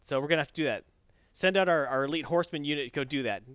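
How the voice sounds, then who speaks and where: In a dry, lo-fi recording with no room sound, a man casually recaps a show, acting out the characters' lines in quick voices as he goes. His voice is a little high and smooth, and his manner is animated.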